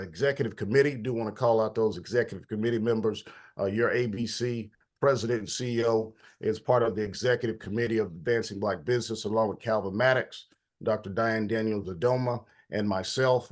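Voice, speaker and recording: A man hosts a policy talk in a relaxed, conversational way. His voice is a bit stuffy and congested, and he greets attendees by name as they come in. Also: fairly low pitch. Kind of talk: casual online meeting hosting.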